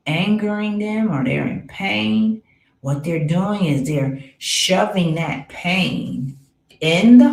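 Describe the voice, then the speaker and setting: A woman giving a slow, affirming spiritual talk, with soft murmured asides. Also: deep voice, creaky, echoey room, low-quality recording. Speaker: spiritual coach.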